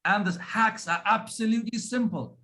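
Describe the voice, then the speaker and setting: A man from India with a polished RP-influenced Indian accent, giving a speech on pronunciation and demonstrating sounds deliberately. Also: sits high, bright, forceful tone. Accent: Indian English, RP-influenced. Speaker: pronunciation coach.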